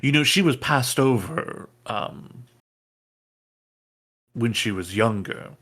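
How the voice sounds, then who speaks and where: A man with a mid-range, expressive, fairly bright voice speaks slowly as a one-time student of a mage. Evasive in mood, the character rambles and hedges, forever saying "I mean."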